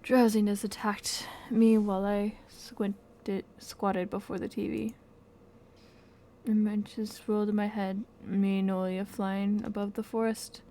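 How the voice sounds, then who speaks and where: A woman reading a game's story text aloud in an expressive, soft-spoken way. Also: mid-range voice, slight background noise. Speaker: game playthrough narrator.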